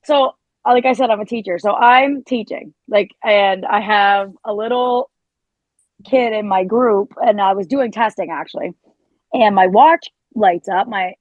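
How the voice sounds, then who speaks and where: A woman guest chatting casually on a podcast, telling a story with lively quoted asides and frequent laughs. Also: medium pitch, no room sound, lo-fi sound. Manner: animated storytelling, quotes herself, laughs often. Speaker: guest, country musician and teacher.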